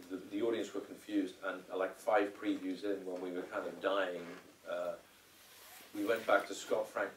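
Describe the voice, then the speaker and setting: A fairly low-pitched man answering questions after a screening, rambling through restarts and bringing quotes to life. He sounds distant in a roomy cinema hall, with faint ambient murmur. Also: a little hiss or hum. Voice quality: rambling, full of restarts and hesitations. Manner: animated storyteller who acts out quotes. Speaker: film director answering audience questions.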